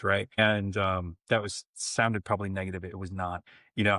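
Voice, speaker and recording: A man in his forties talks through a story as a podcast guest. His voice sits somewhat low, and he often restarts his sentences and acts out what people said. The sound is dry and close, with no room around it. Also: steady tone, normal speed, a bit bright, no echo. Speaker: podcast guest, life coach. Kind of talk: casual interview conversation.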